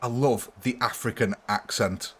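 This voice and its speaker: A man's voice: medium pitch, fairly even intonation, measured pace, a bit bright, breathy edge. A man chatting casually on a live gaming stream, laughing often and answering chat.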